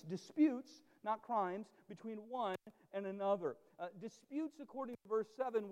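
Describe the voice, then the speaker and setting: A male pastor with a slightly mellow voice preaches emphatically and dramatically, swinging widely in pitch and volume. The sound carries the feel of a big room.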